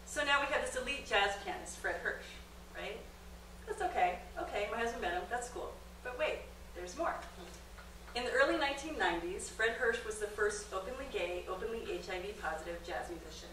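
A woman's voice: a little fast, slight background noise. A middle-aged woman, a documentary filmmaker, giving a comedic storytelling talk on stage and acting out the voices in her story. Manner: animated storyteller, acts out quotes with big pitch jumps. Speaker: guest lecturer, documentary filmmaker. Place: comedy club stage with audience. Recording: roomy live-venue sound, distant mic.

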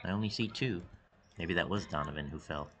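A man coaching students as he gives excitable live commentary on their game practice, thinking aloud with quick exclamations and sometimes dropping to a hush. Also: low-pitched. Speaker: esports coach.

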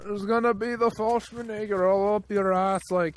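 A man's voice: high-pitched, steady tone, moderate pace, no room sound. A man bantering crudely while gaming in a put-on Scottish accent, sounding tired. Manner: crude, joking, drowsy drawl. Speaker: gamer. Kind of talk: casual gaming chat.

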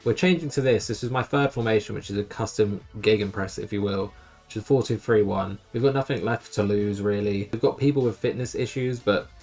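A man's voice: on the low side, a little mellow. A young man commentating over a football management game, exasperated and grumbling at his team. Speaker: gaming YouTuber. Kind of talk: let's play commentary.

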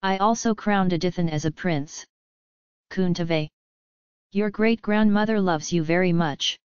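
A woman's voice: on the low side, a little slow, clear, resonant tone, dry recording, close to an everyday voice. Woman reading as an ailing old emperor. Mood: weary. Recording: slightly dull lo-fi audio.

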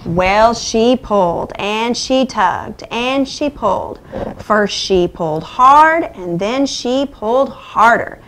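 Animated woman reading to children. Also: a little high, slight background noise. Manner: animated, sing-song storytelling. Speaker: children's story reader. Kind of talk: reading a picture book to children.

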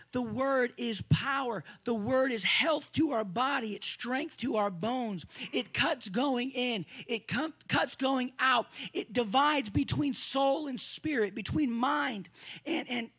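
A male pastor giving a conversational sermon to a congregation. He restarts phrases often and swings between loud emphasis and quiet asides. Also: very high-pitched, slightly rough. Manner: conversational preaching with frequent restarts. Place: church service room with a congregation.

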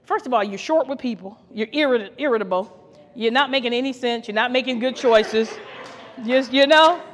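A woman's voice: fairly high pitch, normal speed. A woman co-pastor from Ohio preaching a fervent podcast sermon, repeating her phrases and laughing now and then. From Ohio, USA. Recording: long hall reverb.

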